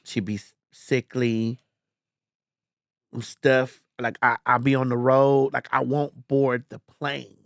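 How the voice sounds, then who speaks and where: A woman's voice: little pitch movement, slow pace, dry recording, clean studio sound. A woman hosting a podcast in casual chat, blunt and emphatic, swearing freely. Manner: low and earnest when comforting. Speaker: podcast host.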